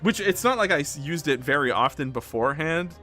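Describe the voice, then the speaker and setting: A young man casually chatting on a live stream while playing a game, animated and quick to laugh. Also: a little high, soft background music. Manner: animated, laughs often, breaks into loud outbursts. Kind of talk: casual live-stream chat, reading game lines aloud.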